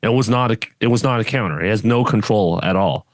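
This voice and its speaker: A fast-talking man with a lowish voice co-hosts a podcast, recorded dry. He's casual and blunt, often letting sentences trail off before starting them again.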